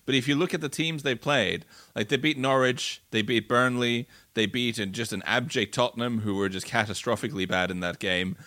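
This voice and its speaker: A man's voice: medium pitch, fairly even intonation, brisk, few pauses, pushed and bright, no room sound, studio quality. A man breaking down football matches in a casual podcast chat, fluent but often restarting and repeating words. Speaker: football pundit. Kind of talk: casual sports podcast analysis.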